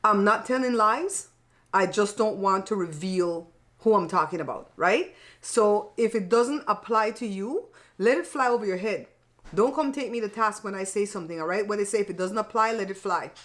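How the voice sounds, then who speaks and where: A middle-aged woman hosts her own channel, chatting casually while she eats and laughing often. Her voice is medium-pitched, a bit bright and at a normal speed. She's blunt and frank, plain-spoken and given to mild cursing.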